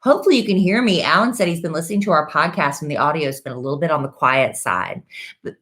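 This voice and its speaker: Low-voiced chatty woman. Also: expressive, fast talker, fairly bright tone. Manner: chatty, folksy, says "honey" and "y'all". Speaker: podcast co-host. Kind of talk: casual chat.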